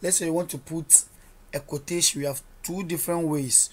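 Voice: medium pitch, fairly even intonation, brisk. A coding instructor talking through a screen-recorded tutorial, narrating each edit step by step and quizzing listeners with rhetorical "what?" questions.

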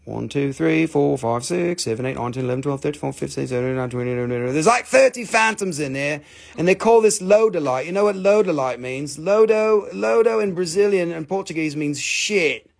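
In a fairly high, gravelly, expressive voice, a man speaks fast while hosting a live crystal sale on a stream. His casual sales patter wanders through crude jokes and playful character voices.

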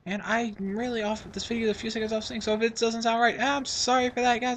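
A man's voice: very high-pitched, little pitch movement, quick pace, few pauses, fairly bright tone, slight background noise. A teenage boy giving rambling, self-mocking commentary over his own gameplay, sniffling from a runny nose. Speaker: gaming channel host.

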